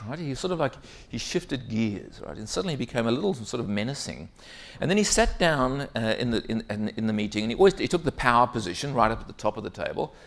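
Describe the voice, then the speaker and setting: Male executive coach on stage, animated storyteller, gravelly voice. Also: medium pitch. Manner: lively storytelling, frequent "right?" asides to the audience. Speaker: keynote speaker, executive coach. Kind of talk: conference keynote talk.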